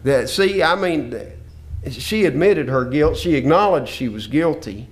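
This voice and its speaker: A man's voice: on the high side, expressive, unhurried. Earnest preacher man. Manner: earnest, scripture-quoting, repeats himself. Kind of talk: sermon lesson.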